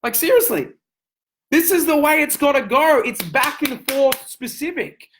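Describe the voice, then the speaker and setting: A man giving a motivational sales coaching talk, intense and emphatic, hammering points home with repeated phrases and sometimes pushing his voice near a yell. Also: very high voice, animated, measured pace, noisy background. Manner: raises voice to near yelling at times.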